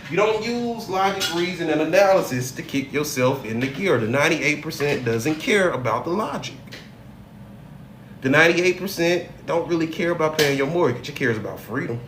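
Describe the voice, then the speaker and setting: A middle-aged man and hypnotherapist giving a live teaching talk, conversational and animated, with rhetorical questions to his viewers. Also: a little high, brisk. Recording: roomy room with faint noise.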